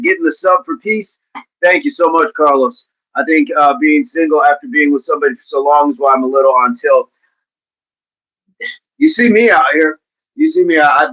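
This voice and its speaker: A man hosting a fitness livestream in a casual, upbeat way, chatting and giving playful shout-outs to viewers by name. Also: fairly high pitch, dull audio. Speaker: livestream host of a fitness channel. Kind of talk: casual livestream chat, reading out viewer comments.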